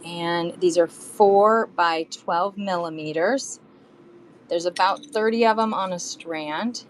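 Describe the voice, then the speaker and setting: A woman's voice: on the low side, slow, a little hiss or hum, rough recording. A woman talking casually while selling bead strands on a live stream, counting beads and humming to herself as she works. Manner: chatty, counts beads aloud, hums while working. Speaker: live shopping seller.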